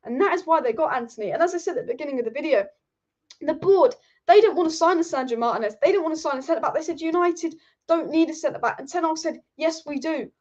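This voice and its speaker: High-voiced woman hosting football chat. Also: racing. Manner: animated, reads out viewer comments, swears casually. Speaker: football channel host. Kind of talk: live-stream football chat.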